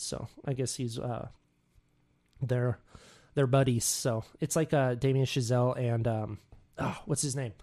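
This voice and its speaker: A man's voice: medium pitch, dark tone. A young man hosting a news podcast alone from his office, rambling casually and tripping over names with self-mocking humor. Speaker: podcast co-host. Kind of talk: solo news podcast chat. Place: home office.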